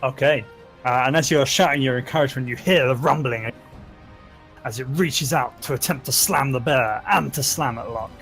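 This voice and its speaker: A man narrating as dungeon master in a relaxed, laughing manner, with many fillers and restarts. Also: medium pitch, normal speed, gravelly. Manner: easygoing, laughing often, filler-heavy. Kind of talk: narrating a tabletop game. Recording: faint background music.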